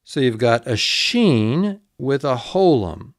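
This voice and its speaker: A man teaching vocabulary in a recorded lesson, repeating each word slowly and spelling it out letter by letter. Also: mid-range voice, big pitch swings, no room sound, clean studio sound. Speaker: instructor.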